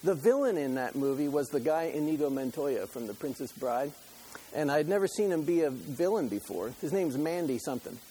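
A man's voice: fairly high pitch, dark tone, husky, rough recording. A middle-aged man preaching a sermon in a conversational, joking way, full of rhetorical questions. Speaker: pastor.

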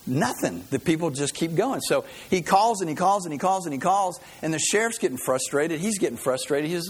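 A man's voice: on the high side, animated, brisk, few pauses, breathy edge. A man preaching a sermon as pastor, a folksy, joking storyteller who greets visitors and tells a funny story before his message.

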